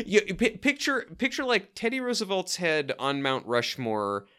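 A man's voice: sits high, wildly swooping pitch, measured pace, pushed and bright, clear, resonant tone. A man co-hosting a podcast, chatting casually in a rambling, self-correcting way and laughing often. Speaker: podcast co-host. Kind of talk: casual chat.

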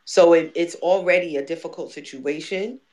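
A woman's voice: on the low side, moderate pace, darkish tone. A woman in casual conversation who talks candidly and emphatically, swearing freely.

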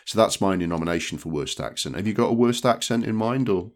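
Deep-voiced man in blunt film chat. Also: animated, quick pace. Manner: blunt, swears, many restarts. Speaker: podcast co-host.

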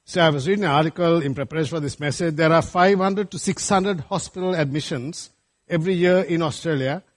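A man's voice: fairly high pitch, brisk. A man from Sri Lanka, preaching a sermon to a church congregation and often checking in with them with "right?" and "friends". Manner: animated, often asks listeners "right?" and calls them friends.

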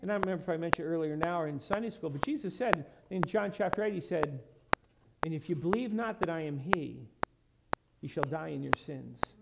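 A man's voice: fairly high pitch, vocal fry. A male pastor preaching a sermon in a church, emphatic and quoting scripture in old-fashioned wording. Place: church sanctuary. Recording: loud background noise in a church sanctuary.

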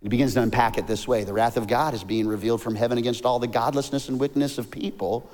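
A man, a pastor preaching a sermon in a lively, story-telling way. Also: fast. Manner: animated, rises to high emphatic peaks, tells jokes and stories. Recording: long hall reverb.

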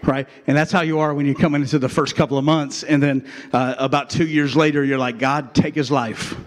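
A pastor preaching a sermon in a chatty, joking way, calling on the crowd to answer back. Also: male voice, a little high, flat delivery, fairly quick. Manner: jokey, chatty preaching with call-and-response. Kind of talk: sermon with acted skit.

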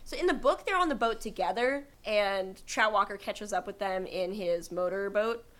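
Young woman cohost gushing about a childhood movie, bright voice, sings bits now and then. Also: medium pitch, moderate pace. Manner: gushing, animated, bursts into sung snippets. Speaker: podcast co-host.

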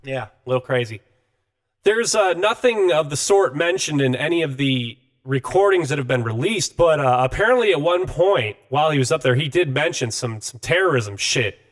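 A man co-hosting a podcast in casual chat, laid-back and profane, with lots of "uh". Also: medium pitch. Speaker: podcast co-host.

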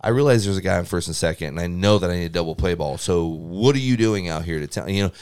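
A man as a podcast guest, telling stories from his pitching days in an animated way and acting out what coaches said, with frequent restarts. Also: fast talker, clear, resonant tone. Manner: animated, acts out coaches' lines, many restarts. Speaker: guest, former pro pitcher. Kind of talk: storytelling in casual conversation.

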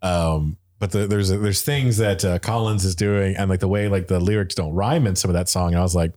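A man's voice: deep voice, steady tone, fairly quick, hardly any pauses, darkish tone. A man talking casually and enthusiastically about music, rambling with lots of fillers and restarts.

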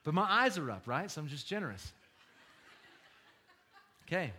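A man's voice: a little high, sing-song, moderate pace, bright, forceful tone, slightly rough. A man preaching a sermon in a conversational style, joking with the congregation and asking them questions. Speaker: pastor.

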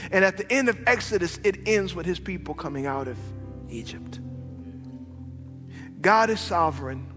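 A man, a pastor, preaching an emphatic sermon that swings between loud and quiet. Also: sits high. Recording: long hall reverb with soft background music.

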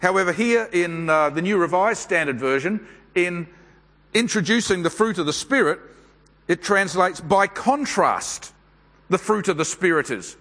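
A man preaching a sermon at a church service, speaking in a measured, unhurried way with pauses and fillers. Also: high-pitched, animated, fairly bright tone, long reverb tail.

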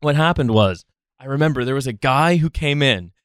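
A man from Canada co-hosting a podcast, chatting casually in a rambling, halting way with many restarts. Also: medium pitch, expressive, fairly bright tone, clean tone, no room sound, studio quality. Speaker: podcast co-host. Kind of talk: casual chat.

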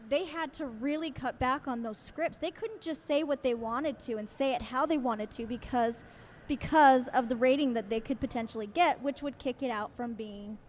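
High-voiced opinionated woman podcast host. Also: moderate pace, a little hiss or hum. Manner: emphatic, opinionated, laughs often. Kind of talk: casual chat.

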